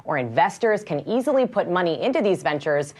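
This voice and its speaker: A female news reporter delivering a scripted report in a measured, even manner. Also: fairly low pitch.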